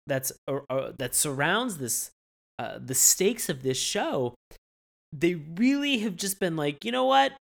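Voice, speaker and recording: A woman co-hosting a podcast in casual chat, animated and swearing freely, jumping into mocking quotes. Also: low voice, slow. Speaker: podcast co-host.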